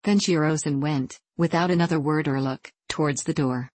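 A woman narrating a classic novel as an audiobook in a calm, even reading. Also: deep voice, brisk, no echo.

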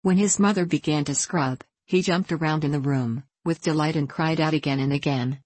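Low-voiced woman narrating a storybook. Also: breathy edge, dry recording. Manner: calm, measured reading. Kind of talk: audiobook narration.

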